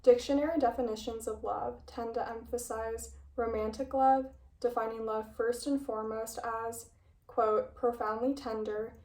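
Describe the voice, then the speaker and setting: A woman's voice: on the high side, a little mellow, recorded from a distance. Chatty young woman in an echoey room. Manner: chatty, self-interrupting, playful asides. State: slightly out of breath. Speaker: video essayist. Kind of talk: casual video essay with read-aloud passages. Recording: echoey room, voice a bit off-mic.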